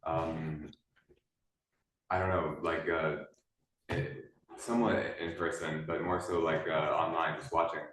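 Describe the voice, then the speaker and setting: Hesitant deep-voiced young man. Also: steady tone, unhurried, long pauses, a bit bright. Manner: hesitant, many ums and trailing answers. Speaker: student. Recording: echoey room with faint noise.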